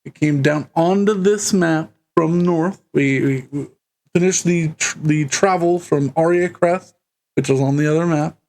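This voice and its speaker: A man running a tabletop game over voice chat, recapping slowly with many fillers and frequent laughs. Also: fairly high pitch, a little mellow. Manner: slow, halting with many fillers, laughs often. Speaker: game master.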